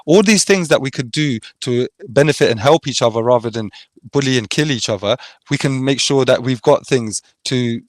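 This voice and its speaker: A man's voice: mid-range voice, dry recording. Insistent man in a dry room. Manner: insistent, argumentative, keeps tagging points with "yeah?". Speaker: debater on a podcast. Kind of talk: heated casual debate.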